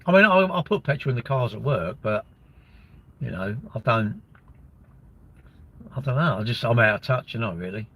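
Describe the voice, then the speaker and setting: Husky bloke rambling on his livestream, jokey, swears a lot, reads chat. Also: medium pitch, lively intonation, moderate pace, pauses often, fairly bright tone. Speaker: livestream host reading chat. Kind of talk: casual chat.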